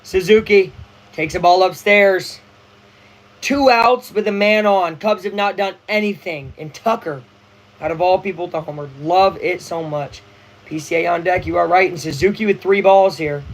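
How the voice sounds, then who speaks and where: A young man hosting a casual live baseball watch-along, chatty and excitable, full of slang. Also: high-pitched, normal speed, rough recording. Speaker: livestream host.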